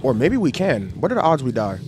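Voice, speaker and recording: A man streaming a horror game, talking excitedly to his chat with lots of slang. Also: mid-range voice, quick pace, very noisy. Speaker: gaming streamer. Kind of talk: horror game let's play commentary. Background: game music.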